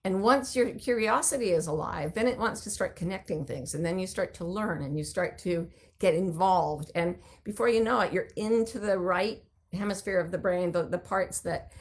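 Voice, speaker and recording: A woman hosting a show who explains ideas in a conversational teaching talk, animated and full of vivid examples while answering listener questions. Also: lowish voice. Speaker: host.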